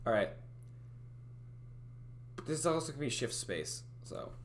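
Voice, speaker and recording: A man's voice: medium pitch, very animated, a little slow, slight background noise. A young man chatting casually on a livestream, rambling and hesitant with many restarts and fillers, wearing headphones at a desk mic. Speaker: streamer.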